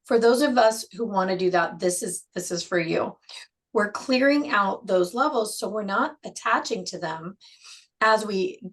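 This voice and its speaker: Measured woman guest explaining calmly. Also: mid-range voice. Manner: measured, slows down to stress key words. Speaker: guest, program co-creator. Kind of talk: explanatory interview talk.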